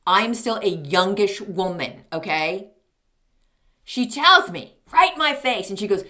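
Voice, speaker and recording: Woman, 50s, podcast host; sarcastic storyteller with a lively, swooping voice. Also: mid-range voice, unhurried. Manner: snarky, animated, exasperated. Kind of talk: comedic storytelling monologue.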